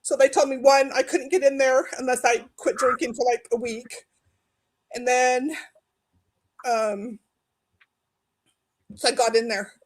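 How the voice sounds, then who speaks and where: A woman's voice: fairly even intonation, measured pace, pauses often. A woman telling an emotional personal story, rambling and restarting, her voice climbing and breaking into tears as she recalls pleading for help. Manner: tearful, voice rising high when quoting her own pleas. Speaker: guest sharing personal story.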